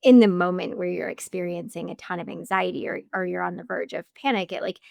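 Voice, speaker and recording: A woman's voice: on the low side, fairly even intonation, fast, creaky, a little mellow, no echo, studio quality. A woman hosting a podcast, sharing her own experience at length before asking reflective questions. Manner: reflective, asks long framed questions. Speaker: podcast host. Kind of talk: casual interview chat.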